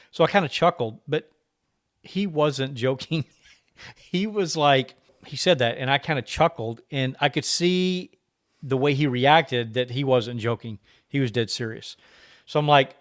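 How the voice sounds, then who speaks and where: A man co-hosting a relaxed podcast, recounting a run-in at the racetrack. He talks in an easygoing, conversational way and slips into the voices of the people he quotes, his pitch sitting in an ordinary middle range. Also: moderate pace. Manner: animated anecdote-telling, acting out quoted exchanges. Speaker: podcast co-host. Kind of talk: casual storytelling chat.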